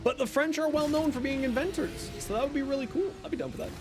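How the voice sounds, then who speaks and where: A man's voice: very high voice, fast talker, over music. A young man streaming a video game, chatting casually with his viewers, reacting to chat and teasing them. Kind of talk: casual live-stream chat while gaming.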